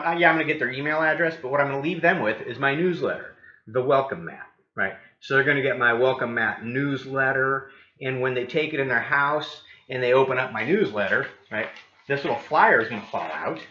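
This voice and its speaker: An upbeat man coaching agents, his voice bright and forward. He keeps checking in with the listeners. The sound is roomy and a little dull. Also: medium pitch. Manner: upbeat, keeps asking "right?". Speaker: real estate coach. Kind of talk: training talk with role-played doorstep scripts.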